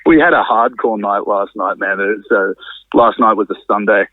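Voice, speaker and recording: The sound is dry and phone-narrow, with no echo. A drummer who runs a venue talks casually in an interview, his low-leaning voice at a moderate pace as he rambles and swears freely.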